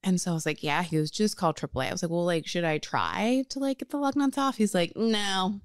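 A young adult woman, co-hosting a casual chat with her sisters, telling lively stories and acting out family members. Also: lowish voice, fast, clear, resonant tone, no room sound, studio quality. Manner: animated storytelling, acts out family quotes, swears, laughs often. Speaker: podcast co-host.

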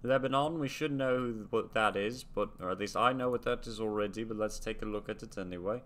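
A young man from the United States reads facts aloud in a casual way while hosting a reaction video, musing and trailing off. He talks a little fast, and his voice is on the low side and a bit bright.

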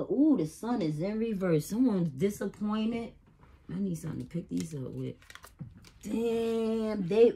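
A woman's voice: lowish voice, mellow, breathy edge. A woman doing a casual tarot reading, profane and exclaiming, with frequent laughter. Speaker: tarot reader.

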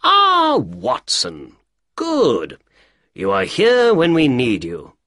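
A man voicing a brilliant, confident male detective, speaking lively and emphatically in a raised voice for a storybook reading. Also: drawn-out words, dry recording, clean studio sound, exaggerated voice. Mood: brisk. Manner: lively and emphatic, higher and louder than the narration.

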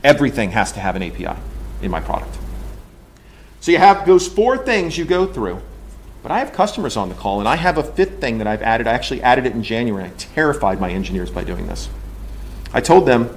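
A man in charge of a large engineering team gives an animated, joking conference talk in a ranting manner. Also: medium pitch, fairly quick, slight background noise. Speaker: engineering leader. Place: conference room.

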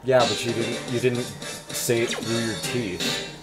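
Brief: man of middle pitch, dry deadpan co-host, loud game music behind. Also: slow pace. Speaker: let's play co-host. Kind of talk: casual game commentary. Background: loud video game music.

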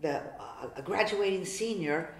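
A woman's voice: on the low side, lively intonation, measured pace. An older woman telling her personal story in a heartfelt, chatty way during a church interview. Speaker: parishioner. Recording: roomy church echo.

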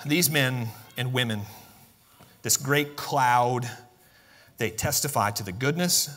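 Man, preaching with fervor, acts out biblical voices, bright tone, echoing sanctuary. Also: mid-range voice, takes it slowly. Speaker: pastor. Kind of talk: sermon. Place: church sanctuary. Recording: long church reverb.

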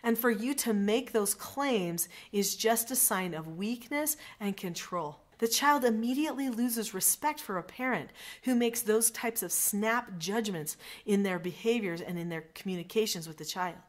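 A woman's voice: medium pitch, moderate pace, few pauses. A middle-aged woman coaching parents in a direct-to-camera lesson, earnest and instructive, repeating her key points.

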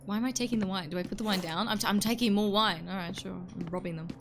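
A woman's voice: medium pitch, fast, background noise. A woman chatting casually on a live stream while playing a game, joking and greeting her chat between yawns.

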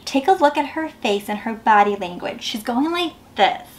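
A woman teacher reading a picture book aloud and asking a child questions in an animated, encouraging way. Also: fairly high pitch, moderate pace.

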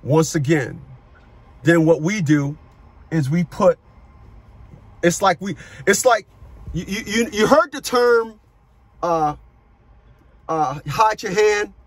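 Middle-aged male coach, high pitch, forceful and profane, repeats himself, dry recording. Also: expressive, slow, long pauses, breathy edge, dry recording. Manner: forceful, profane, repeats words when starting sentences. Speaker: child support advocate and coach. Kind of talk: phone consultation with a caller.

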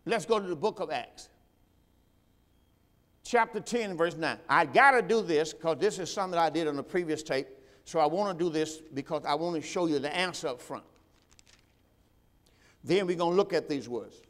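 A man preaching a sermon in a high, ringing voice, pausing for his congregation to answer back. His voice climbs and grows louder when he presses a point. The sound carries a long reverb, like a church sanctuary. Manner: preaching with call-and-response to the congregation; rises in pitch and volume when stressing a point. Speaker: pastor; host.

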